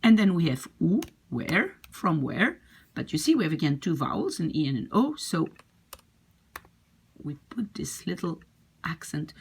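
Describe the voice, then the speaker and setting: A woman with a Dutch accent teaching a language lesson, patiently repeating phrases slowly. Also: low-pitched, big pitch swings, breathy edge.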